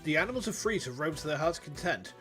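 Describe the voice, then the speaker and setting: A man voicing a prim, composed male prosecutor in a measured, dry way while reading game dialogue aloud. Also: on the high side, animated, a bit bright, soft background music.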